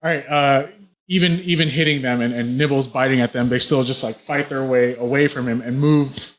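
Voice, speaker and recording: A man narrating as game master in a casual, halting way. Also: medium pitch, steady tone. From Southern United States.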